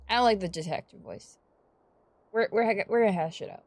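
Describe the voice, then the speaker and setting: A woman's voice: medium pitch, brisk, long pauses, darkish tone, no echo, soft background music. A young woman streamer chatting casually while playing, voicing the characters playfully. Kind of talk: casual let's play chat and voicing game dialogue.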